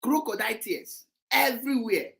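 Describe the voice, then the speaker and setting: A man's voice: extremely high pitch, expressive, moderate pace, vocal fry, a bit bright. A man with a Nigerian Igbo accent hosts a call-in show, talking angrily and passionately and mixing English with Igbo. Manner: angry, impassioned, mixes English with Igbo. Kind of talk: heated call-in talk.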